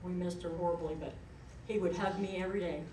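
A woman's voice: fairly low pitch, fairly even intonation, quick pace, mellow, slight background noise. A middle-aged woman, giving a eulogy in a chatty, folksy storytelling way. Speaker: eulogist, daughter of the deceased. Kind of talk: eulogy told as personal stories. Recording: echoey hall, voice from far off.

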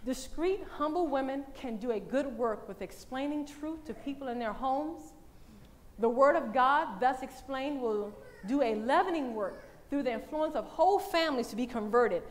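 A woman speaking at a church with a high, bright voice, preaching in a loose, conversational way. She is animated and laughs often. A faint hum of room ambience sits behind her. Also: normal speed. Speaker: women's day speaker at a church. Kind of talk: lively church talk.

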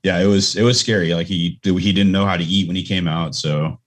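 A man's voice: low voice, fairly even intonation, fairly quick. A man co-hosting a podcast, telling a family story plainly and matter-of-factly. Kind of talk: casual podcast chat.

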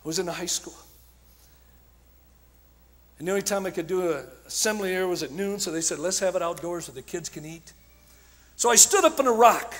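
A man preaching at a conference, telling stories with passion, shouting at times and dropping to a hush at others. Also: a little high. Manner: impassioned storytelling, swinging from shouts to hushed tones. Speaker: evangelist speaker. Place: large conference hall. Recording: long hall reverb.

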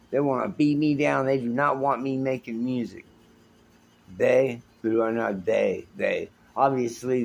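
A man with a creaky, medium-pitched voice tells raw, rambling, unscripted stories for his own phone vlog. He is agitated and swears as he goes, filming himself on a handheld phone in a hotel room.

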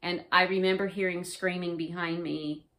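Woman, lowish voice, rambling, swears, lots of fillers, casual recounting. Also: little pitch movement, moderate pace, a bit bright. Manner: rambling, profane, filler-heavy. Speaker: vlogger. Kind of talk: casual first-person recounting.

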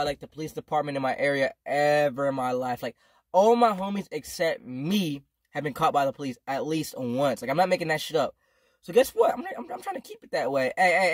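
Young man, fast rambling storyteller, slangy and profane, dry close sound, casual vlog. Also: fairly high pitch, no echo. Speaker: vlogger.

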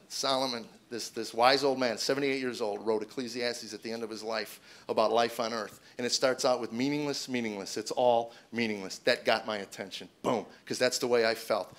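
A man in his forties telling a stand-up story as a comedian, acting out the quotes with loud, high jumps in his voice. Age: 40s. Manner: animated, acts out quotes with big loud jumps in pitch. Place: stage before an audience.

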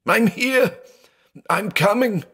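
A man's voice: low voice, animated, a little slow. A man voicing a terrified old blind man who pleads and shrieks in panic. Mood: desperate.

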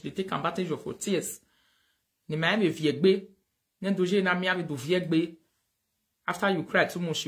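Animated Nigerian Pidgin woman livestreamer. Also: sits low. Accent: Nigerian Pidgin English. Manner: animated, switches into Pidgin, thanks viewers loudly. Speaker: livestream host. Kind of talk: casual livestream commentary.

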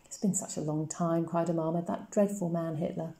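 A woman's voice: low voice, fairly even intonation, fairly quick, dark tone, reverberant. A woman reading aloud and voicing an effusive elderly grandmother who dotes on her dog. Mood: gushing. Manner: effusive and dramatic, cooing endearments.

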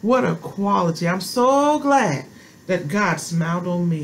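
A woman's voice: fairly low pitch, expressive, measured pace, slight background noise, poor audio. A grandmother giving a sermon as a prophetess, preaching emphatically with repeated phrases and exclamations. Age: middle-aged or older, a grandmother.

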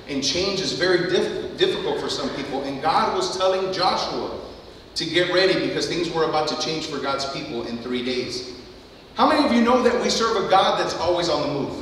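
A man preaching a sermon as pastor, building fervently to loud climaxes, recorded from far off in a church hall. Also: sits high, a little hiss or hum. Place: church sanctuary.

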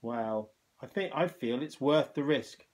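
A man voicing a kind, humble, cheerful hospital porter in a children's storybook reading, with a gentle, polite manner. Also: mid-range voice, measured pace, close to an everyday voice. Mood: kindly.

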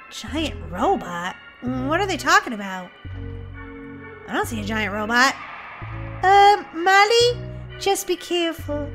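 A woman hosting a playful gameplay commentary, giggly and excitable, shrieking when startled. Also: high voice. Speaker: gaming channel host.

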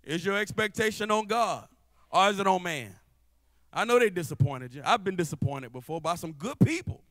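Man preaching to a congregation, high voice, dry close sound, joking, calling on the crowd. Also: animated, moderate pace, fairly bright tone, dry recording. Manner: casual, humorous, calls out to the congregation. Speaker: guest preacher. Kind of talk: lively church sermon with spoken-word rap. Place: church sanctuary before a live congregation.

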